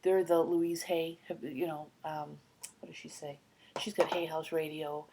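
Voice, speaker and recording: A woman's voice: low-pitched, level tone, measured pace, very noisy. A middle-aged woman vlogging in casual chat, rambling with many fillers and dropping into whispered asides.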